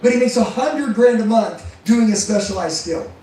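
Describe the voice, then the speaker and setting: Through a distant mic in a very echoey room, a high-pitched, warm, animated male voice at normal speed hammers a live crowd with rhetorical questions. He's a sales trainer and motivational speaker, and his speech is intense and profane.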